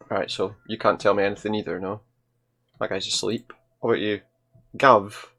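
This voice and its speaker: A man with a slightly low voice chats casually while playing a video game. He thinks out loud and reads the characters' lines as he goes, talking close to a desk microphone. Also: normal speed, pauses often. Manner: chatty, thinks aloud and reads in-game dialogue. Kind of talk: casual let's-play commentary.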